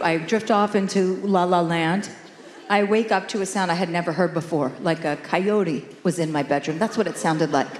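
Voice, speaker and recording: A woman doing stand-up, telling a story in a deadpan way and laughing at her own lines. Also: lowish voice. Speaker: stand-up comedian. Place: theater stage before a live audience. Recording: roomy hall reverb with background noise.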